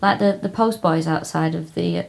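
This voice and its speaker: A woman in her thirties co-hosts a comedy podcast, reading out facts and chatting casually in a wry, self-mocking way. Her voice is lowish with vocal fry, and she speaks at a normal speed.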